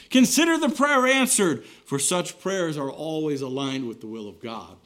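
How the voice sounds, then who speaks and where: A man preaching a sermon, earnest, rising to emphatic lines and then dropping low and quiet at the ends of phrases. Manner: earnest preaching with wide swings between raised and hushed phrases.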